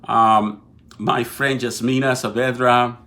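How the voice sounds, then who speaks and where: A man's voice: medium pitch, steady tone, slow, pushed and bright. A middle-aged man from Mexico with a Mexican Spanish accent, hosting a casual live political show and talking straight to viewers, often restarting and repeating words. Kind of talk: casual live-stream talk.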